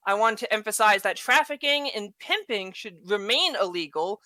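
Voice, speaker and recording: A woman's voice: a little high, bright, forceful tone, no room sound. A woman with a thick non-native accent, a podcast guest reading out a prepared argument and stumbling now and then. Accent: non-native English. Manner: stumbles and restarts, laughs it off.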